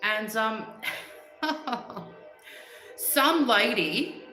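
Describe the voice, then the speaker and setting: An Australian woman in her forties, talking casually with livestream viewers as a blunt, animated storyteller. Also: a little high, extremely slow, soft background music. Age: 40s. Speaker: livestream host. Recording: roomy echo.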